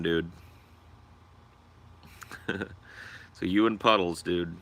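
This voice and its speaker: Deep, forceful-sounding young man. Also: steady tone, extremely slow, long pauses. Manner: crude, profane and joking. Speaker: livestream host. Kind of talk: casual livestream chat.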